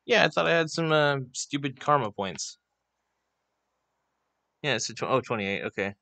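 A man hosts a casual livestream into a desk microphone, not a clip-on, rambling, swearing freely and ranting irreverently. His voice is medium-pitched, expressive, and pushed and bright with vocal fry, at normal speed with no room sound.

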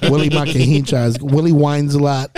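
A man in casual podcast chat, an animated storyteller who slips Spanish phrases into his talk. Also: a little high, fairly quick, over a noisy crowd.

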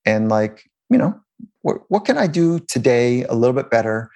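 A man's voice: medium pitch, sing-song, normal speed, dark tone. A man, a sports psychologist, telling stories in an interview in a loose, rambling way with frequent restarts and chuckles. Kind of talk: conversational interview storytelling.

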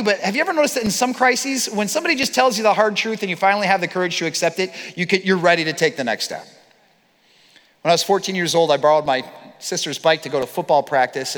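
A male pastor delivers a sermon in a fairly high voice, acting out the people in his stories as he goes. The sound has the long reverb of a large church auditorium. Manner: animated storytelling with acted-out quotes.

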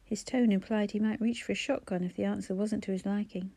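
A woman narrating an audiobook in an even, measured storytelling manner on a close mic. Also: mid-range voice, slightly rough, dry recording. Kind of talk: scripted narration.

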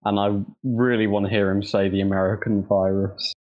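A young man co-hosting a podcast, making sardonic, deadpan jokes in casual chat. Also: lowish voice, moderate pace, phone-quality sound. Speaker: podcast co-host.

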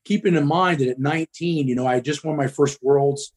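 A man's voice: mid-range voice, brisk, few pauses, a little mellow, slightly rough. Blunt, profane middle-aged man. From Midwest US. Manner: blunt, profane, frequent ums. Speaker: guest. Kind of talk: casual storytelling.

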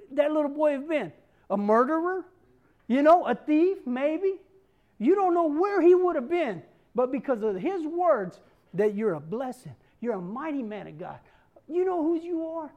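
Preacher, woman in her 50s: high voice, lively delivery that acts out the people she quotes. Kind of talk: sermon.

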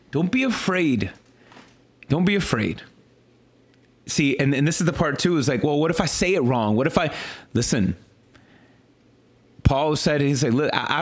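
A fairly high-voiced man gives a casual sermon follow-up. He stutters and restarts often, jumps up into excited exclaims and drops into low, earnest phrases. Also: slightly rough. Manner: animated, repetitive, frequent restarts and stutters. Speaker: pastor.

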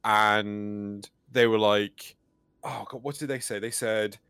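A man's voice: fairly low pitch, steady tone, slow pace, pushed and bright, clear, resonant tone, dry recording. A young man, a podcast co-host, tells a story in casual chat and acts out both sides of a phone call.

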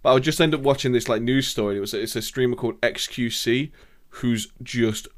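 A man's voice: mid-range voice, fairly quick. Young guy rambling about old games, swears a lot, chatty and loose. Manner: rambling, sweary storytelling with laughs. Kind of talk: casual gaming chat.

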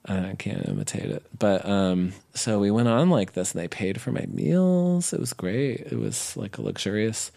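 A man's voice: fairly low pitch, animated, normal speed, vocal fry, few pauses, warm tone. A man as an interview guest, telling a long personal story in a casual, rambling way with lots of fillers and restarts. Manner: rambling, many fillers and restarts, laughs easily.

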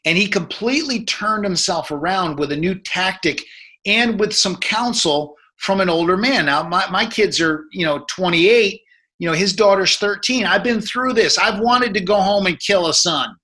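A man's voice: sits high, animated, moderate pace, bright, forceful tone. A man in his fifties, a men's coach, telling a story in casual conversation, rambling with many fillers and restarts.

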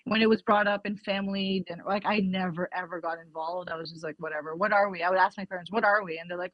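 A woman's voice: lowish voice, steady tone, fast talker, hardly any pauses, no room sound, muffled recording. A woman guest on a podcast, chatting casually and acting out quoted exchanges as she tells her story.

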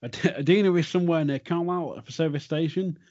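A man's voice: fairly high pitch, fast talker, a little mellow. A man casually recapping a TV episode, laughing often and acting out the characters' lines. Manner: laughs often, narrates scenes and acts out quotes. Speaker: podcast co-host recapping a TV episode. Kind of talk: casual chat. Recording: dull lo-fi audio.

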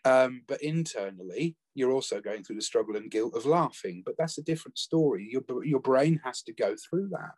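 A man, talking earnestly and haltingly about caring for his late spouse in a conversational interview. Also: medium pitch, lively intonation, darkish tone, dry recording. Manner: earnest, reflective, halting with restarts. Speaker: bereaved former family carer, guest.

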